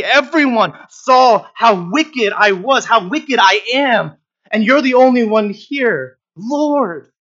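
A man's voice: very high-pitched, a bit bright, highs cut off, voice pushed up, full character voice. A man preaching acts out a desperate woman sinner who pleads with her Lord, her voice rising and emphatic.

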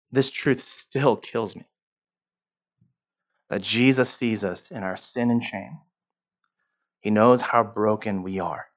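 A man in his forties preaching a sermon, repeating his lines and swinging from hushed to emphatic. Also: lowish voice, lo-fi sound. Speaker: pastor.

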